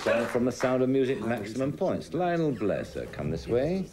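A man's voice: mid-range voice, big pitch swings, normal speed, over a noisy crowd, heavy background noise. A man hosting a television game show, making dry jokes while introducing rounds before a studio audience.

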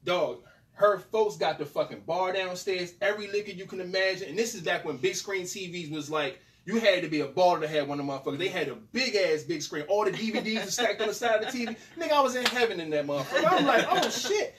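A man's voice: sits high, expressive, fast talker, fairly bright tone. A young man hosting a podcast, telling a profane story in casual slang and acting out both sides of the dialogue. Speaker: podcast host. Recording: distant mic with faint noise.

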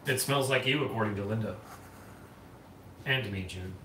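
A man's voice: on the low side, normal speed, background noise. A man hosting a home cooking vlog, chatting in a rambling, enthusiastic way as he mixes a cocktail. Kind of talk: casual chat. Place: home kitchen. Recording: echoey kitchen with clattering dishes.

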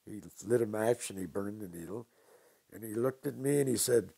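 Older man with a gravelly, husky voice. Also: lowish voice, dark tone. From New York. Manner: slow, deliberate anecdotes with dry humor. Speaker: interviewee. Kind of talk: storytelling interview.

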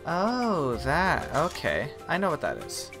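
A man's voice: a little high, animated, moderate pace. A man chatting through a live gameplay stream, rambling, correcting himself and grumbling at the game. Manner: chatty, self-correcting, mildly exasperated. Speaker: gaming streamer. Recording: game music behind.

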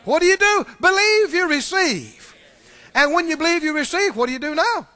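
High-voiced preacher guy, sermon to a congregation, swoops all over, keeps asking them questions. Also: normal speed. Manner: animated, quizzing the congregation.

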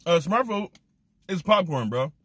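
A man's voice: a little high, big pitch swings, a little slow, fairly bright tone, husky. A man hosting a casual snack review vlog, talking with slang and open emotion. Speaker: food reviewer host.

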